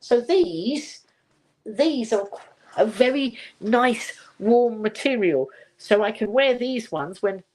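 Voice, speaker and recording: A woman's voice: on the high side, expressive, slow, a little mellow. An older woman from England hosting a casual live chat at home, rambling cheerfully, laughing often and reading viewer comments aloud. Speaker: livestream host.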